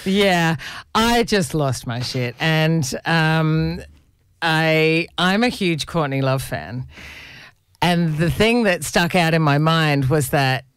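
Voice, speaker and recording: A woman, co-hosting a radio show and telling an excited story in casual chat. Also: deep voice, slow pace, smooth, no echo. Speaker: radio co-host.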